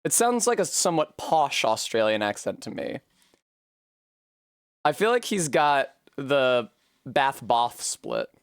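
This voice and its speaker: A man streaming a game live, animated and swearing freely between bursts of laughter. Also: mid-range voice, slow pace, clear, resonant tone, dry recording, clean studio sound. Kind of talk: live gameplay commentary.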